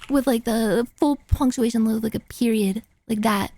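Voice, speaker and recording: High, gravelly-voiced young woman streamer. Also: moderate pace, dry recording. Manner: animated, filler-heavy, swearing, acts out quotes. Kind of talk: casual storytelling chat.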